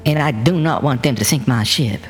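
A man's voice: mid-range voice, fairly quick, faint music behind, pitched above the performer's own voice, close to an everyday voice. A man voicing a frightened male ship captain who stammers and pleads. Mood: scared.

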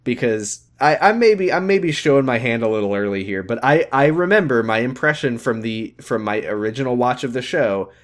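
A man's voice: brisk, few pauses. A man co-hosting a podcast, chatting casually about a TV episode and acting out characters in mocking voices. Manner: animated, acts out characters with high mocking voices. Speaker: podcast co-host. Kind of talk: casual chat recapping a TV episode.

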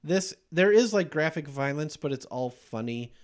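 A man's voice: on the high side, lively intonation, moderate pace. Upbeat man recapping movie scenes. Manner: enthusiastic, laughs often, many fillers while recounting scenes. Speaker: podcast host. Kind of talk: casual movie discussion.

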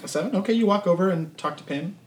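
A man's voice: high-pitched, fast talker, slight background noise. A man narrating as game master, describing the scene in a loose, rambling way with lots of fillers. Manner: casual, rambling with many fillers. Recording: echoey room.

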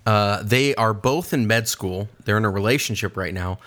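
A man's voice: on the low side, normal speed, fairly bright tone. A man co-hosting a podcast in casual banter, playful and full of mock-solemn joking. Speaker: podcast co-host.

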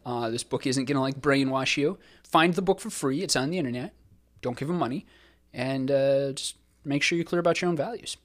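A man hosting a casual podcast discussion, talking in a sardonic, profane and lively way. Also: medium pitch, fairly quick. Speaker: podcast host.

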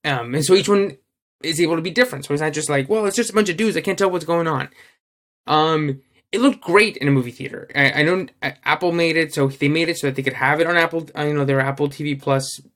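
A man's voice: medium pitch, a bit bright. A man co-hosting a podcast in casual chat, rambling with many fillers and restarts, and swearing freely. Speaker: podcast co-host.

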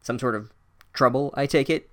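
A man's voice: medium pitch, moderate pace, lightly acted. A man voicing a smug, condescending old male wizard headmaster, pompous and drawling.

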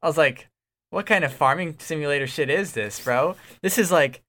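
Man, bright clear voice, excitable, rambling, casual podcast chat. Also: on the high side, normal speed. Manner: excitable, swears a lot, rambling storytelling. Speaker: podcast co-host.

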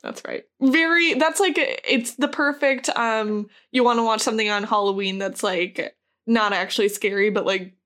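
A woman's voice: on the high side, moderate pace, fairly bright tone. A woman co-hosting a podcast, chatting casually about movies, with lots of fillers and laughter. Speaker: podcast co-host. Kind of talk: casual chat.

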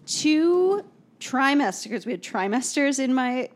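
A woman's voice: sits high, lively intonation, slow pace. A woman co-hosting a podcast, telling stories in a rambling way full of fillers. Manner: rambling, filler-heavy storytelling. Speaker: podcast co-host. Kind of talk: casual chat.

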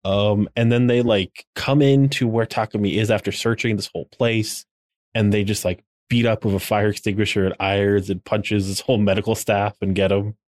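A man's voice: on the low side, little pitch movement, normal speed, darkish tone, no room sound, studio quality. A man co-hosting a podcast, retelling episode events in a loose, filler-heavy way. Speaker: podcast co-host. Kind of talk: casual episode recap.

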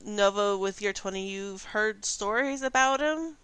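A woman's voice: medium pitch, a little slow, a bit bright, clear, resonant tone, no echo. A woman narrating a tabletop game as game master in a casual storytelling manner.

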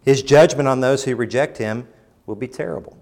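A pastor preaches fairly quickly in a creaky voice, rising to forceful bursts and then going low and quiet. Every so often he plays out quoted lines in mocking voices.

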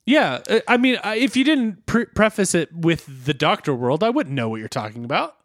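A man's voice: high voice, big pitch swings, moderate pace, no room sound, clean studio sound. An American man co-hosting a podcast, chatting playfully and laughing easily through an episode recap. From United States. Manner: playful, giggly, jumps into silly voices. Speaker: podcast co-host. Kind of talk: casual recap chat.

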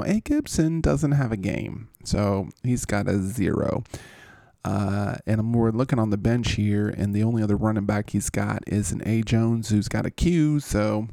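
A man's voice: on the low side, gravelly, warm tone, dry recording, clean studio sound. A man hosting a fantasy football podcast who runs through matchups in a casual, jokey way with lots of fillers. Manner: easygoing, filler-heavy, jokey.

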